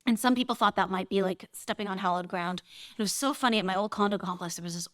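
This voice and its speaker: A woman musician being interviewed, telling animated stories and laughing often. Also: mid-range voice, quick pace, no room sound, studio quality. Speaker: guest, singer and composer. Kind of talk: casual interview storytelling.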